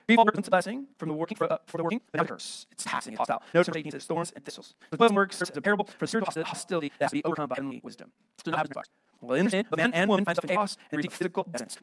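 A middle-aged American pastor preaching a sermon, emphatic and full of rhetorical questions. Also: male voice, on the high side, no echo.

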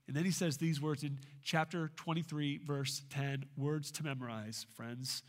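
A man delivering a sermon as a pastor, preaching emphatically with swings in pitch and loudness. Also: fairly even intonation, normal speed, hardly any pauses.

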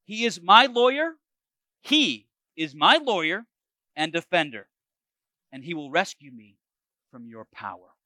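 A man's voice: fairly high pitch, animated, measured pace, long pauses, sharp tone, no room sound. A man reading as an earnest young fugitive warrior. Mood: earnest pleading. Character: young male fugitive warrior pleading with a king.

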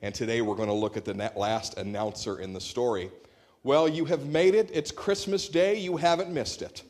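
A man's voice: medium pitch, fairly even intonation, normal speed, a little mellow. A man preaching a sermon in a church, conversational and humorous, telling stories on a shared microphone. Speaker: pastor. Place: church sanctuary.

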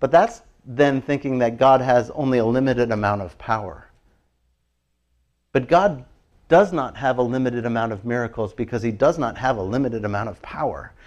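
A man preaching a casual, animated sermon, chatty and laughing often as he acts out little prayers. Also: medium pitch, normal speed, dull audio. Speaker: pastor.

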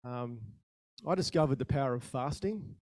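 A man preaching a sermon in a conversational style, asking the listeners questions and telling stories with sudden bursts of loudness. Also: mid-range voice, moderate pace, dry recording, clean studio sound. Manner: animated storytelling with sudden rises in volume. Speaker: pastor.

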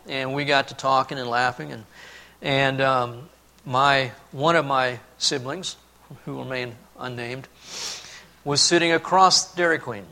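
A male pastor with a bright, forceful voice preaches a sermon. He tells a lively story from his youth, then slows and drops to a hushed, earnest tone on the key points. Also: mid-range voice.

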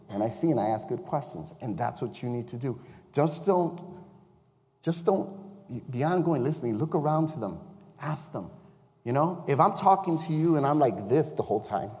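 A man's voice: mid-range voice, darkish tone, long reverb tail. A man who is a chaplain, preaching a sermon in a conversational way and often checking in with the congregation. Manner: conversational, asks the congregation questions. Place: church sanctuary.

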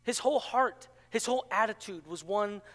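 A man preaching a sermon as pastor, swinging between loud, urgent passages and hushed, quiet lines. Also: high voice, moderate pace. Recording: long hall reverb.

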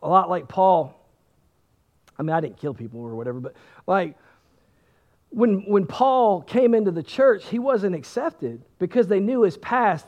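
Guy preaching, high voice, goes loud then real quiet, kinda dull lo-fi sound. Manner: animated storytelling, swings from loud to hushed. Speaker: pastor. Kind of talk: sermon with personal testimony.

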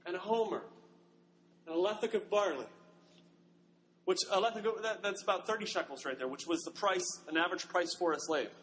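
Male pastor, storytelling sermon, fairly high voice, long hall reverb, faint background hiss. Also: fairly quick, long pauses, a bit bright. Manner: storytelling, dramatizing the scene.

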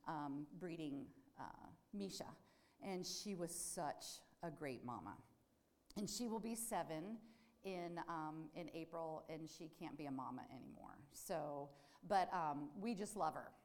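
A woman's voice: low voice, measured pace. A woman, a nurse, giving a devotional talk, telling a story and asking her listeners questions. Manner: animated storyteller who asks the audience questions. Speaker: nurse speaking to a group.

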